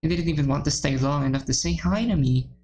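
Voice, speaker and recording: Woman voicing a tearful shy teen girl, low voice, shaky first-person visual novel reading. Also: fast, lightly acted, low-quality recording. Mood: despairing. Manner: quiet, shaky, self-pitying first-person narration. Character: shy, self-loathing teenage girl, tearful.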